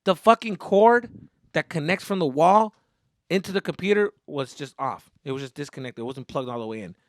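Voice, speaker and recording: Animated, swearing high-voiced man. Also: brisk, no room sound, clean studio sound. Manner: animated, profane, lots of fillers. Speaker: podcast host. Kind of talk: casual storytelling.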